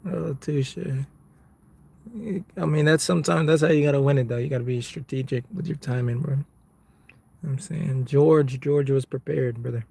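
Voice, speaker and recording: A man's voice: medium pitch, fairly even intonation, normal speed, vocal fry, mellow. A man, chatting casually with his viewers on a live stream from his car, laid-back and rambling, calling people bro and man. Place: inside a car.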